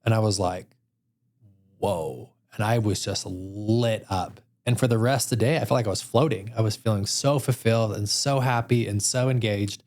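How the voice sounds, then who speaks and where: A man from Utah hosting a podcast, telling stories in a casual, animated way. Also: lowish voice, fairly quick, hardly any pauses. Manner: animated storyteller. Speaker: podcast host. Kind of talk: casual interview chat. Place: podcast studio room.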